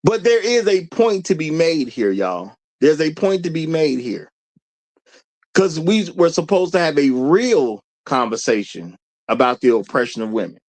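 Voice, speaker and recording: Male live-stream host, casual and rhetorical, laughs a lot, animated intonation. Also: a little high, measured pace. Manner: laughs often, repeats lines for emphasis; rhetorical, questions the audience. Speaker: show host.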